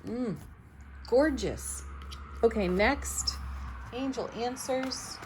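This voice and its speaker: A woman host giving a daily tarot reading, speaking in a slow, soothing and affirming way, with soft laughs between cards. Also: a little high, a little hiss or hum. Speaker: tarot reader, channel host.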